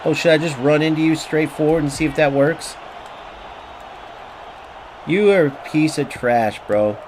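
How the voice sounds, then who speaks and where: A man's voice: a little high, a little slow, background noise. A man streaming a football video game, frustrated and trash-talking his opponents with plenty of swearing. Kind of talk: live gameplay commentary.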